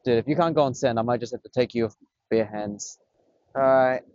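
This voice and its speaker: A young man, excitedly filming himself fishing on a beach, swearing and talking in slang. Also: mid-range voice, a little fast, no room sound, highs cut off. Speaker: vlogger. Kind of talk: casual fishing vlog commentary. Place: outdoors on a beach by the water. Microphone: camera on a tripod.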